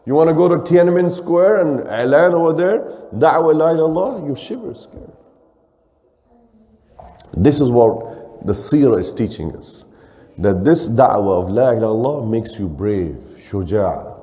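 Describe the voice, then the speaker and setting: A man's voice: mid-range voice, expressive, moderate pace, warm tone. A man with a preaching a sermon as imam, mixing in phrases, asking rhetorical questions and acting out quotes. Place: mosque hall. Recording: long hall reverb.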